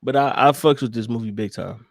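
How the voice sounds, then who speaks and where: A man's voice: medium pitch, brisk, gravelly, no echo, clean studio sound. A man co-hosting a podcast, talking animatedly and profanely about a movie and laughing often. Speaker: podcast co-host. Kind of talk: casual movie review chat.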